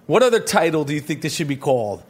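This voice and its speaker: A man hosting a podcast, talking casually in a brash, animated way. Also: fairly high pitch, quick pace, slightly rough. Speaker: podcast host.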